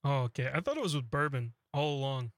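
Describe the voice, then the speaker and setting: A man's voice: medium pitch, lively intonation, quick pace, no room sound, studio quality. A man chiming in off-mic with brief, laughing replies on a radio show.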